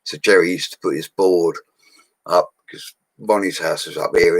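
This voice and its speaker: A man in his forties with a London accent chats about bricklaying in a rough recording, his low, breathy-edged voice keeping fairly even intonation at normal speed. The livestream is casual storytelling, delivered bluntly with slang and mild swearing.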